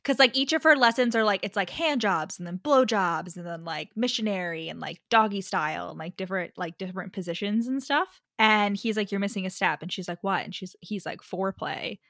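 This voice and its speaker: A young woman co-hosting a casual book chat, animated and laughing often, with heavy use of "like". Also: medium pitch, a little fast, hardly any pauses, no echo, studio quality. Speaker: podcast co-host.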